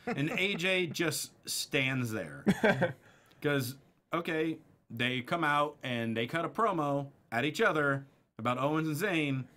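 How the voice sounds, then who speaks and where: A man co-hosting a wrestling after-show, recapping the episode in a lively, laughing chat. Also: fairly high pitch, slow pace. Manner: animated, laughs often while recapping. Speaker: co-host.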